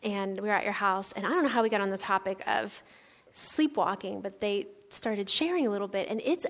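A church speaker in her thirties delivers a conversational sermon in the sanctuary, relating personal stories packed with fillers, and the recording carries long hall reverb. She talks a little fast in a mid-range, fairly bright voice.

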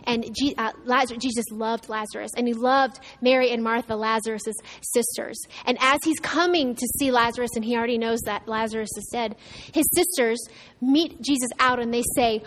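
Higher-voiced woman preaching a sermon. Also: normal speed. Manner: expressive, swings from raised emphasis to soft, low delivery; conversational preaching with restarts and asides. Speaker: pastor.

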